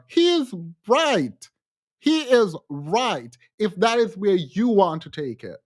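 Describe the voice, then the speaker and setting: A man hosting a livestream, commenting with animated, incredulous rhetorical questions and repetition. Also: very high voice, normal speed. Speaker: podcast host.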